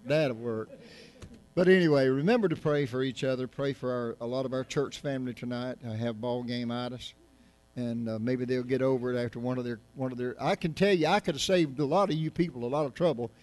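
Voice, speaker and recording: Folksy pastor, rambling sermon. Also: male voice, mid-range voice, fairly quick, darkish tone. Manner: folksy, joking, rambling with many restarts. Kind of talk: casual sermon to a congregation. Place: church sanctuary.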